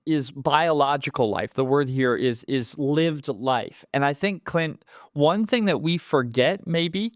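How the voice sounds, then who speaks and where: A man's voice: mid-range voice, no echo, studio quality. A man leading a conversational Bible study, earnest and explanatory, often repeating words as he works out a thought.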